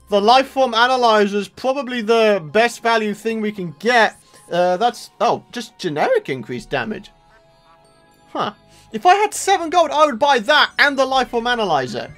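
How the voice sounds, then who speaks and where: A young man giving let's play commentary, excitable and exasperated, ranting with sudden outbursts. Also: sits high, moderate pace, faint music behind. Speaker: gaming channel host.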